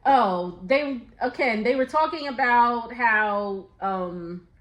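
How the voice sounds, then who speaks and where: Bright, chatty woman recapping reality TV. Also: a little high, slow. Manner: chatty, laughs often, quotes people in playful voices. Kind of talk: casual gossip recap.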